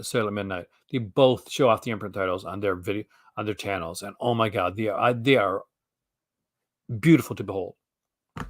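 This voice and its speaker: A Canadian man with a slightly low-pitched voice hosts a loose, casual chat. He rambles along, stumbling over his words and restarting his sentences often. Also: fairly bright tone, no echo, studio quality. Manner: rambling, stammering, with frequent restarts and laughs. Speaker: host.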